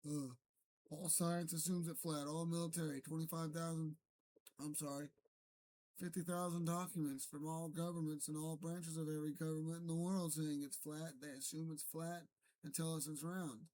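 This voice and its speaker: Higher-voiced man in a rambling rant. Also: flat delivery, normal speed, darkish tone, slight background noise. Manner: rambling, self-correcting, argumentative. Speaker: streamer. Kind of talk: unscripted solo rant to camera.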